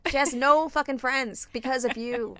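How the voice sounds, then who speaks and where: A woman in her thirties co-hosting a podcast, chatting candidly and swearing freely while telling animated stories about her children. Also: sits high, normal speed, no room sound. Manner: candid, profane, animated storytelling. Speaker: podcast co-host. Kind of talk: casual chat.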